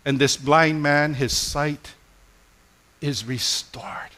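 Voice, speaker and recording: A male pastor delivers a sermon at an unhurried, deliberate pace. His voice is bright and slightly high for a man. He tells his stories with drama and softens to a gentle hush for the lines that matter most. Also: fairly even intonation. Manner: slow, gentle and hushed on key phrases.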